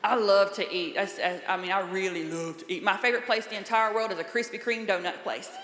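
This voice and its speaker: Bright, chatty Southern woman on stage. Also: medium pitch, fairly even intonation, quick pace. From North Carolina. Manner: chatty, playful, self-mocking, folksy. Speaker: stand-up comedian. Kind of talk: stand-up comedy set. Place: comedy club stage. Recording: roomy club with long reverb.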